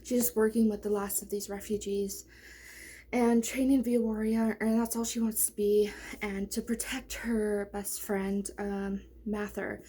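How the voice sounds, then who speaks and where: Chatty young woman, soft husky voice. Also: mid-range voice, flat delivery, a little slow. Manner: chatty, rambling, many fillers and restarts. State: out of breath. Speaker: book vlogger. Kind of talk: casual book review chat.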